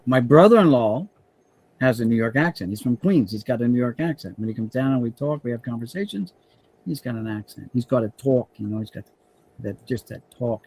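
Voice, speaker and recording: A man's voice: mid-range voice, a little hiss or hum. A man hosting a casual stream chat, telling rambling stories with many restarts.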